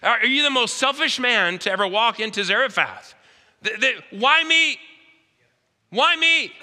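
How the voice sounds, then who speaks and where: A man's voice: very high-pitched, expressive, measured pace, sharp tone, pitched above the performer's own voice, exaggerated voice. A man voicing a desperate poor widow and mother in a sermon, with pleading, exasperated questions. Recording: hall reverb.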